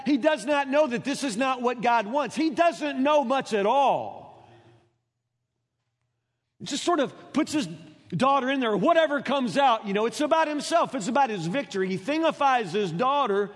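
Preacher guy, kinda high voice, stumbles and repeats words a lot, asks the crowd questions, long echo like a big church. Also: lively intonation, normal speed. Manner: earnest, stammering repetitions, rhetorical questions to the congregation. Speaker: pastor. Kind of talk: sermon. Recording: long reverb in a large hall.

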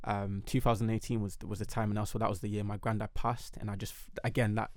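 A young man telling his story in a casual podcast chat, animated and emphatic. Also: fairly low pitch, fast talker, dry recording, studio quality. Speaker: podcast guest.

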